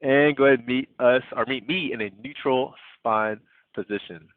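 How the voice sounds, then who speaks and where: A man leading an online yoga class, gently cueing breaths and poses in a playful way. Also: mid-range voice, moderate pace, dry recording. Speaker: yoga instructor. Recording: tinny phone-like audio, dry.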